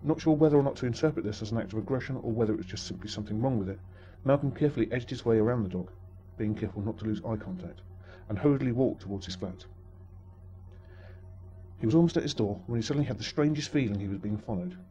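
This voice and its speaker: A man's voice: mid-range voice, lively intonation, quick pace, warm tone, dull audio. A man narrating a story in a dry, wry manner.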